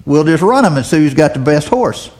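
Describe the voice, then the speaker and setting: A man's voice: fairly high pitch, very animated, a little fast, a little mellow. A man voicing a friendly, easygoing country farmer in a church lesson story.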